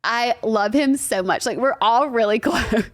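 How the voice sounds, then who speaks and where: A woman guest on a podcast, talking in a loose, chatty way. Her voice is a bit higher than average, and she giggles through her stories. Her sentences trail off and restart often. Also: unhurried, no room sound. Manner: giggly, chatty, filler-heavy. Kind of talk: casual chat.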